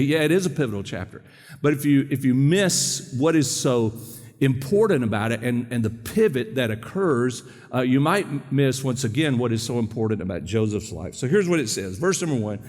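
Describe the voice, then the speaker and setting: A man preaching in a church sanctuary at an ordinary, middling pitch. He talks fast and conversationally, tossing questions out to the congregation. His voice trails off into the long reverb of a big church hall. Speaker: pastor. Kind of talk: sermon.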